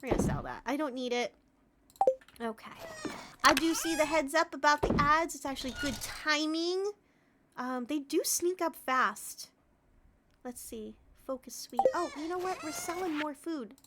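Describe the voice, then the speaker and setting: A woman's voice: high voice, moderate pace. A woman game streamer chatting casually and giggling while she plays, talking to her viewers by name. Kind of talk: casual live-stream chat while gaming. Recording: loud background noise with clicks.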